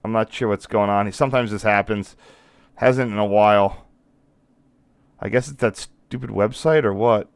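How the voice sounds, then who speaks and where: A man's voice: on the low side, normal speed, creaky, pauses often, clear, resonant tone, no echo. A man hosting a live stream in casual commentary, rambling and breaking off mid-thought, apologizing now and then, a little worn in the voice. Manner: rambling, self-interrupting, apologetic. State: losing his voice.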